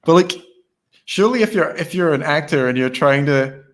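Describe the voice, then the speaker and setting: A man's voice: a little high, animated, fairly bright tone. An English man with a hard-to-place, regionless accent, a podcast guest arguing his point in casual chat. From England. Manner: argumentative, quick rebuttals.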